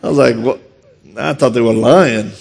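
A man from Louisiana with a Louisiana accent, telling funny self-deprecating stories quickly and with energy to an audience from a stage. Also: mid-range voice, gravelly, husky. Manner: fast, animated, self-deprecating. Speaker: martial arts instructor and speaker. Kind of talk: humorous storytelling talk.

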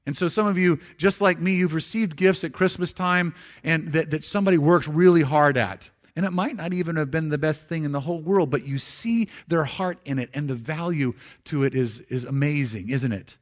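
A man giving a conversational sermon in church, slowing for scripture and dropping soft for emphasis, with frequent restarts. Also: fairly high pitch. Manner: repeats words and restarts phrases. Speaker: pastor.

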